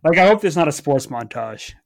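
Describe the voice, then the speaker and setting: A man's voice: on the high side, animated, brisk, creaky, dry recording, studio quality. A man co-hosting a sports podcast in casual chat, opinionated but hedging, with frequent restarts. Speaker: podcast co-host.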